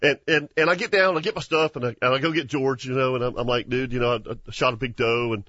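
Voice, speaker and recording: Guy hosting an outdoors show, husky voice, keeps laughing and restarting, dry dull lo-fi sound. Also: medium pitch, fast talker, dry recording. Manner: animated storyteller, laughs often, many restarts. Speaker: hunting show host. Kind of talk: casual storytelling chat.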